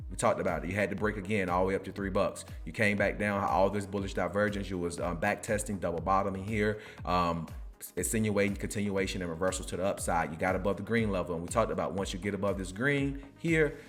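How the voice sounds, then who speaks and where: A man with a deep, low voice gives casual screen-share commentary on crypto charts in a loose, rambling, chatty way. He tacks "right?" onto nearly every line, keeping an easy conversational flow while faint music plays softly behind him.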